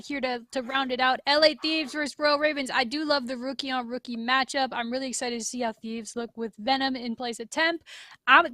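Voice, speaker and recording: A woman hosting a podcast, upbeat and chatty with quick asides. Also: sits high, bright, forceful tone, no echo. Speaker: podcast host. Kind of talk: casual podcast chat.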